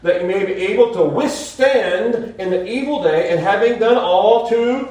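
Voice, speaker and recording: High-voiced preacher in an echoey hall. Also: male voice, normal speed, darkish tone. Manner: earnest, rambling, with frequent restarts. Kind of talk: sermon. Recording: very echoey room, voice from far off mic.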